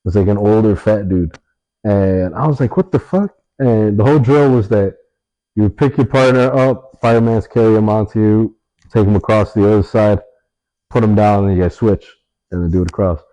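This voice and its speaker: A young man telling stories in a relaxed interview, swearing often and leaning on fillers. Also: lowish voice, normal speed, rough recording. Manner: laid-back, swears a lot, many fillers. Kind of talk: casual storytelling in an interview.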